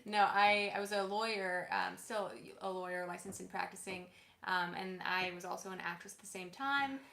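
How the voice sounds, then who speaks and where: A woman's voice: mid-range voice, normal speed, pushed and bright, reverberant. Bubbly, playful woman chatting. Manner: bubbly, playful, laughs easily. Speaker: co-host, lawyer and actress. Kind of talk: casual livestream chat.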